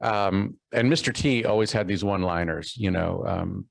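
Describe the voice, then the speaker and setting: A man's voice: sits low, normal speed, gravelly, no room sound, low-quality recording. A middle-aged man from Texas giving a keynote talk, telling a personal story with many fillers and restarts. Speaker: keynote speaker.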